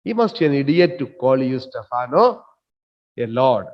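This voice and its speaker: A man's voice: mid-range voice, very animated. A man teaching literature, reading lines from a play with dramatic emphasis and then explaining them in plain words. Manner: reads lines dramatically then paraphrases slowly. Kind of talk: classroom lecture explaining a play. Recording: dull reverberant classroom-style audio.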